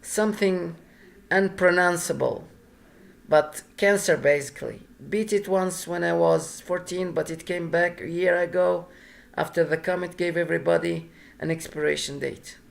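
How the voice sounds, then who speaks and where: A man's voice: a little high, fairly even intonation, moderate pace, vocal fry. A man reading the lines of a blunt young woman with cancer, in a dry, sardonic way.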